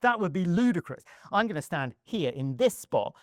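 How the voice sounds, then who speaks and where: A fretful father stuck by the road in a video game, pleading in a high, whiny voice, as a man puts him on during a talk. He sounds earnest and helpless, and the sound is close and dry. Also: sing-song, moderate pace, no echo. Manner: high-pitched, plaintive and whiny.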